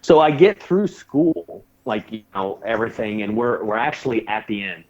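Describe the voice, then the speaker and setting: A man in his thirties who served as a Navy corpsman tells a profane story with animation as a guest on a casual podcast, adding put-on voices for quotes. His voice is fairly low, his pace moderate, and the audio is dull.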